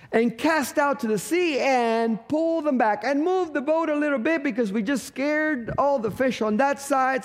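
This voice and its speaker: A middle-aged male pastor preaching a sermon, telling a story with humor and acting out bits of dialogue. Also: very high voice. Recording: long hall reverb.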